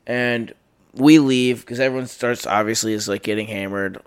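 A young man hosting a casual podcast, spinning a story with lots of "like" and swearing. He talks at an ordinary pitch and slips into quoted back-and-forth as he goes. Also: fairly even intonation, normal speed, clear, resonant tone. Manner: rambling, profane, lots of fillers and quoted dialogue. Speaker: podcast host.

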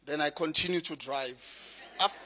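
A middle-aged man with a South African accent preaching a sermon, telling anecdotes in a lively way and laughing often. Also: a little high, measured pace, noisy background.

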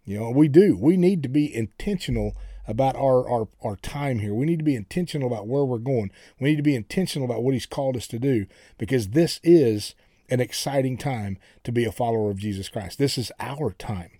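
A middle-aged male pastor delivers an earnest sermon in a warm, mellow voice. He repeats words as he builds his points and lifts his pitch when he declares something. The sound is dry and close. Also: a little fast, no room sound.

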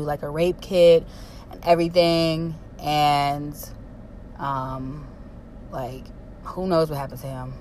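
A woman's voice: on the low side, a little hiss or hum. A young woman telling a candid personal story, blunt and emphatic, often cursing and filling with "like". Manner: blunt, profane and emphatic, with many fillers.

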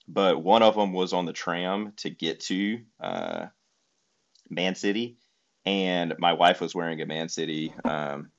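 A man's voice: low-pitched, lo-fi sound. A man telling a trip story in casual conversation, rambling with many fillers. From United States.

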